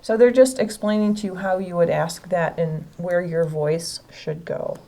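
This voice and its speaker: A woman's voice: on the low side, moderate pace, dark tone. A woman from Illinois tutoring an adult one-on-one in English, patient and encouraging, explaining each step. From Illinois, USA.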